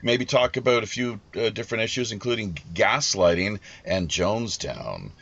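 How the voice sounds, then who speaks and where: A man hosting a live podcast, talking in a halting way with many restarts. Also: on the low side, animated, creaky, fairly bright tone, dull audio. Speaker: podcast host.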